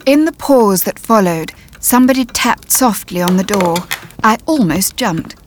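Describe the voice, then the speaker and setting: A woman narrating a story in the first person, measured and tense. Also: medium pitch, animated, a little hiss or hum. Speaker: audiobook narrator.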